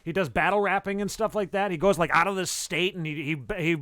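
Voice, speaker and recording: A man's voice: sits high, fast talker, fairly bright tone, no echo, clean studio sound. A man hosting a live podcast, chatting casually and announcing guests in a rambling, stop-start way. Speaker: podcast host. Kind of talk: casual live-show chat.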